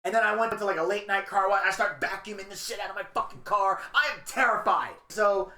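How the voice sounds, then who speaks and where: Bright-voiced man telling wild stories. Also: high voice, brisk, roomy sound. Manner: animated storyteller, swearing, acts out quotes. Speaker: podcast co-host. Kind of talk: casual storytelling chat.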